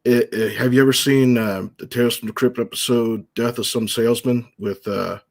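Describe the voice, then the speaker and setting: A man's voice: medium pitch, fairly even intonation, moderate pace. A man as a guest in a casual chat, talking in an easygoing, rambling way with many fillers. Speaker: guest, horror recap creator.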